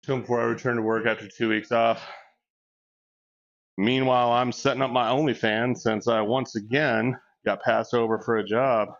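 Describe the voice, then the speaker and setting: A man's voice: medium pitch, level tone, moderate pace. A man in his forties chatting casually during a gym workout, crude and joking, laughing often as he tells stories. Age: 40s. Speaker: fitness vlogger. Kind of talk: casual chat between sets. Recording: dull lo-fi recording.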